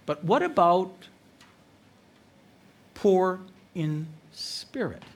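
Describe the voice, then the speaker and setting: A man preaching a sermon earnestly, with pauses and emphasis. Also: sits high, big pitch swings. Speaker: pastor.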